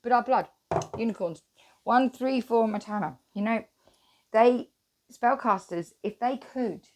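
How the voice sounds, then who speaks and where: A woman's voice: fairly high pitch, a little slow, a little mellow, a little hiss or hum. A woman hosting her own channel, talking to viewers in a rambling, wandering monologue and swearing freely. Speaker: channel host.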